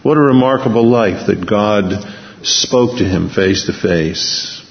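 A man preaching a sermon who acts out the figures of the story in quick voices and often chuckles. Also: fairly low pitch. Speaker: pastor. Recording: dull sound in a reverberant hall.

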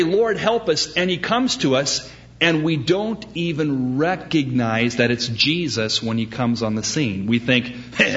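A man preaching a sermon as pastor, animated and acting out the voices he quotes. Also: mid-range voice, lo-fi sound.

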